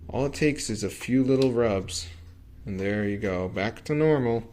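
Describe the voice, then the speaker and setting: A man's voice: mid-range voice, lively intonation, moderate pace, darkish tone. A man reviewing building toys in a casual vlog, rambling and hesitant, with lots of fillers and self-corrections. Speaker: toy reviewer.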